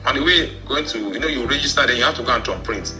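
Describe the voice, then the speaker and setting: A man's voice: mid-range voice, fast talker, music in the background, low-quality recording. A man with a Nigerian accent telling a personal story, rambling and often repeating words. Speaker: church member telling his story.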